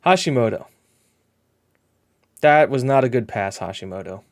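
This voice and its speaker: A man talks loosely over a game he is playing, trailing off and restarting his thoughts. His voice sits at an ordinary middle pitch. When play turns tense, he jumps into quick, excited calls. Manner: chatty and rambling, excitable bursts at match action. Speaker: gameplay commentator. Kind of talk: casual let's-play commentary.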